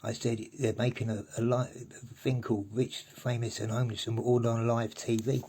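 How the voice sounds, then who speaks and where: A man's voice: medium pitch, flat delivery, moderate pace, warm tone, a little hiss or hum, rough recording. A man, talking straight to camera in a sweary, rambling rant and tagging "yeah?" onto his sentences. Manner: sweary, ranting, repeats "yeah?". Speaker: vlogger. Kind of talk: angry rambling monologue.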